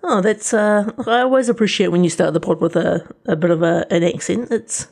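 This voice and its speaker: Easygoing Kiwi man with a gravelly voice. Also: sits high, a little fast, a little mellow. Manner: easygoing, hesitant, restarts phrases. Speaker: podcast co-host. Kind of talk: casual chat.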